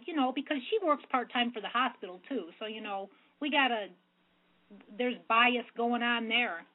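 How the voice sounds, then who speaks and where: A woman's voice: on the high side, moderate pace. A woman calling in to a radio interview, speaking in an upset, plain-spoken way and often trailing off, heard over a phone line. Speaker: guest caller.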